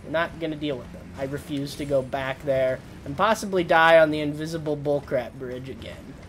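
A young man giving casual, rambling gameplay commentary, swearing and breaking into sudden loud yells. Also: on the high side, steady tone, a little fast, a little hiss or hum. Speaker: gaming streamer.

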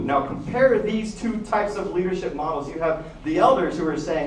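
A man preaching a sermon as the pastor, telling Bible stories and acting out the quotes in lively voices. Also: high-pitched, fairly quick, hardly any pauses, roomy sound, distant mic, slight background noise, rough recording. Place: church hall.

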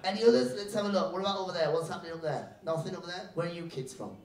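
A man doing live stand-up crowd work, teasing the audience with brisk, playful banter and repeating his own catchphrases. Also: high voice. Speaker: stand-up comedian. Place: live comedy venue on stage. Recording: echoey live room, mic at a distance.

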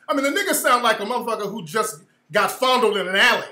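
A man rants on a livestream, cursing freely and mocking someone in a meek mimicking voice. His tone is bright and forceful. The sound carries a roomy echo. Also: sits high, expressive, fast. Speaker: host. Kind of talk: livestream commentary reacting to a clip.

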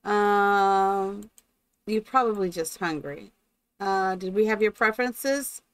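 A woman's voice: medium pitch, slow, smooth, dry recording, poor audio. A woman streaming gameplay live, chatting along and talking fondly to her game characters, after opening with a spoken blessing.

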